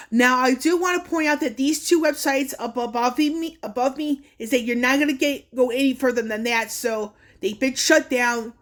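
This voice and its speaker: A woman vlogger talking casually through a screen recording, earnest and warning, with fillers and restarts. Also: high-pitched. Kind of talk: casual screen-share walkthrough.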